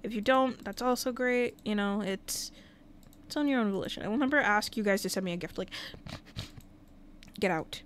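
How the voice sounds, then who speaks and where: A woman's voice: mid-range voice, moderate pace, long pauses, a little hiss or hum. A woman casually commenting while livestreaming a life-sim game, talking to the characters and thanking viewers. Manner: chatty, talks to game characters and chat.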